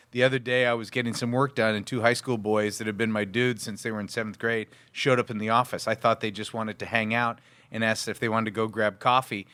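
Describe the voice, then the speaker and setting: Bright, chatty male podcast co-host. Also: fairly low pitch, no echo. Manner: chatty, reads listener emails aloud. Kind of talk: casual podcast banter.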